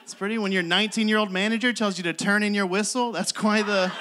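Man, young adult, stand-up comedian, self-deprecating, high bright voice, faint club noise. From West Virginia. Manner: self-deprecating, laughs through his lines.

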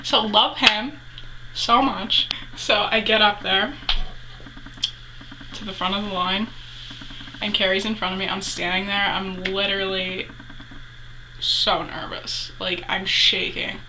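A woman's voice: mid-range voice, fairly even intonation, slow pace, pauses often, background noise. A young adult woman chatting casually as a vlogger, retelling a story with lots of 'like' fillers.

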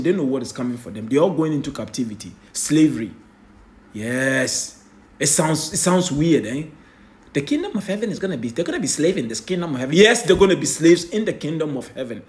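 A man delivers a sermon in a high voice that leaps all over its range. He drives each point home with rhetorical questions and a tagged "eh?". He drops from loud declaring to low muttering. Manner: emphatic, rhetorical questions, tag "eh?". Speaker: preacher.

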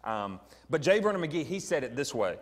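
A middle-aged Southern American pastor giving an evening Bible teaching from the pulpit, his voice at an ordinary pitch for a man. He talks conversationally, stopping to quiz the congregation, with plenty of ums. The sound hangs in a church sanctuary with a long reverb tail. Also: sing-song, normal speed. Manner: conversational, asks the congregation questions, frequent ums.

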